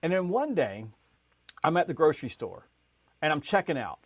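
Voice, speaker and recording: A man telling a sales story in conversation, animated, acting out other people's voices as he goes. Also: normal speed, slightly rough, no echo. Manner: lively storyteller, acts out voices, rises in pitch when excited. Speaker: podcast guest, sales author.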